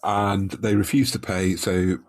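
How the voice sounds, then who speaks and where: A man co-hosting a casual book discussion podcast, retelling a story's plot in a measured, step-by-step way. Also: low voice, little pitch movement. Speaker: podcast co-host.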